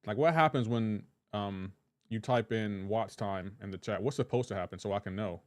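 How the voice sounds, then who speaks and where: A man's voice: lowish voice, moderate pace, no room sound, studio quality. A man hosting a live game stream in casual chat, reading out viewers' names and messages and teasing them about how words are said. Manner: chatty and joking, reads out chat names and comments; playful teasing about pronunciation.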